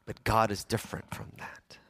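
A man preaching a sermon to his congregation, animated, asking them questions and acting out quoted voices. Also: moderate pace, no echo. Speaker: pastor. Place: church sanctuary.

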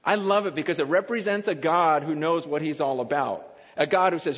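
A man's voice: a little high, fairly quick, fairly bright tone. A male pastor giving a sermon in a conversational, emphatic way, repeating phrases for stress. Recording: dull lo-fi recording in a long-reverb hall.

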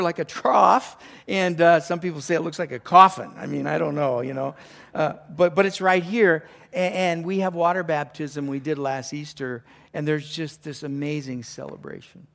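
A middle-aged man, a pastor preaching a conversational, enthusiastic sermon with restarts and throat-clearing. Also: a little high, normal speed, a bit bright.

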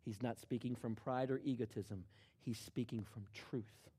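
A middle-aged man preaching a sermon, dropping to a hush and then rising to loud, emphatic shouts. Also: mid-range voice, fairly even intonation, unhurried, slightly rough. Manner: swings from hushed to shouting in acted quotes. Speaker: pastor.

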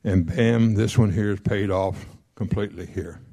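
A man teaching a class on paying off debt, folksy and joking, checking in often with his listeners and rattling off figures quickly. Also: lowish voice, steady tone, creaky, warm tone, husky. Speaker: financial counselor teaching a class. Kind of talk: classroom lecture on debt repayment.

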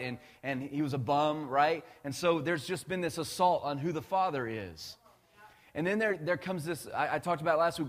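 A male pastor preaching a conversational, animated sermon, with restarts and asides to the congregation. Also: a little high. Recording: long hall reverb.

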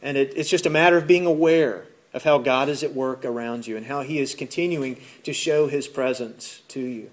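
A man's voice: medium pitch, normal speed, hardly any pauses. Conversational male pastor preaching. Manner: conversational, often repeats words as he goes; acts out listeners' voices in his retelling. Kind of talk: sermon.

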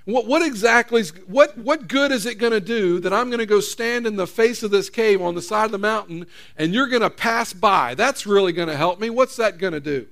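A man's voice: sits high, lively intonation, fairly bright tone. A man doing Elijah, a panicked whining prophet. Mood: exasperated. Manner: exasperated, complaining rapid questions. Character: panicked, self-pitying male prophet on the run.

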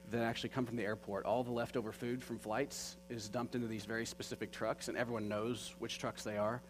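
A man telling a personal story in an earnest, conversational way, with many fillers. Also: lowish voice. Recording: faint mains hum.

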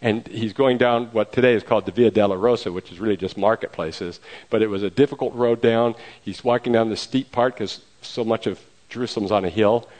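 A man preaching a storytelling sermon, retelling events in a lively way with acted quotes. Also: on the low side, fairly quick, rough recording.

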